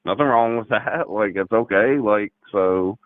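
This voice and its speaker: A man's voice: lowish voice, measured pace. A man arguing on a call, hesitant and defensive, stumbling over restarts. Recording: tinny phone line.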